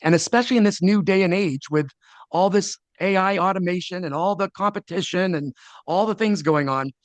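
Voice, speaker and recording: A man's voice: sits high, a little fast, no echo. A man, a leadership speaker answering as a podcast guest, earnest and often restarting his sentences. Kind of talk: conversational interview.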